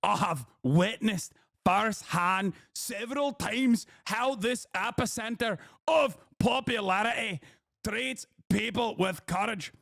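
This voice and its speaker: A man putting on a Scottish woman's accent to mimic an indignant pundit, speaking slowly and solemnly. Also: mid-range voice, vocal fry, a bit bright, dry recording, clean studio sound, full character voice. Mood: mock-solemn.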